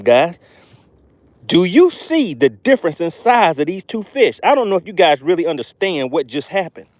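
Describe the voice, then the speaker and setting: A man hosting a live fishing stream from a boat on a lake, excitable and playful as he reads the chat aloud. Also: a little high, a little hiss or hum. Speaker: fishing channel host.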